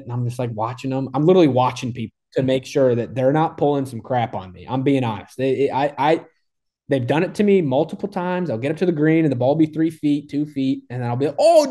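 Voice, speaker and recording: A man of middle pitch tells a golf story in a loose, casual interview. He talks excitedly and rambles, stacking up "like" and starting sentences over. His voice sits neither high nor low. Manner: excitable, rambling, full of "like" and restarts. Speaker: golfer recounting his hole in one.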